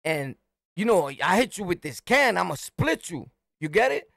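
A middle-aged man from Brooklyn with a New York accent, telling a street story in a swaggering, animated way and shouting his punchlines. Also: sits high, moderate pace, gravelly, dry recording, studio quality. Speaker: storyteller, channel host.

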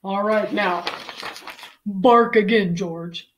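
A determined male vet from a picture book, voiced by a woman reading aloud, firm and reassuring. He speaks loudly and evenly, and he sounds calm. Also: mid-range voice, drawn-out words, highs cut off, a little hiss or hum.

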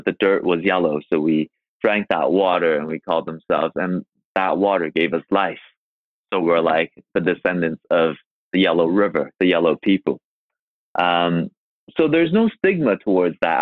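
Man from China, podcast guest, earnest and emphatic, lowish voice over a thin phone-like call. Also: no room sound. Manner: earnest, emphatic, rhetorical questions. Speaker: guest actor. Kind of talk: podcast interview. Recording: tinny phone-like remote line.

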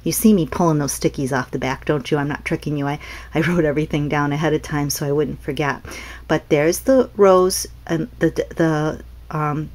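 A middle-aged woman with a low voice talks through a crafting show-and-tell. She rambles in a friendly, unscripted way, restarting sentences and filling gaps with ums. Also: steady tone, moderate pace, a little mellow. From North Carolina, US. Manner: chatty, meandering, with frequent restarts and ums. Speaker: craft seller showing customer cards. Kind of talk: casual show-and-tell vlog.

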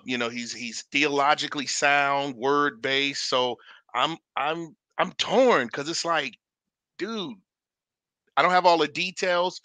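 A male co-host with a bright, forceful tone and a mid-range voice. He speaks earnestly and in a measured way, often adding short agreements. The recording is dry and close. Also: mid-range voice, no room sound. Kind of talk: casual discussion chat.

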